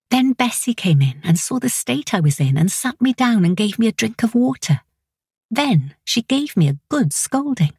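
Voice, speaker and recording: A woman reading a first-person novel as an audiobook narrator, in an intimate, anxious and measured way. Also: a little high, sing-song, a little mellow, husky, dry recording, clean studio sound.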